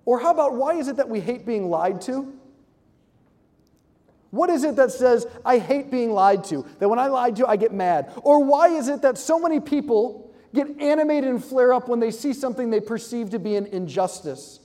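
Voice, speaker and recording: A man giving an animated, joking talk to a live audience, acting out quick voices. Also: very high voice, big-room sound. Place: large hall with audience.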